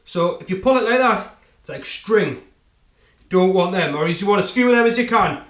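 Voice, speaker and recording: A man's voice: high-pitched, expressive, normal speed, fairly bright tone. A man hosting a home cooking show, chatting and joking with the viewer as he demonstrates chopping in his kitchen. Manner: chatty, jokey, talks straight to the viewer with frequent "right?". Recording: echoey kitchen with faint noise.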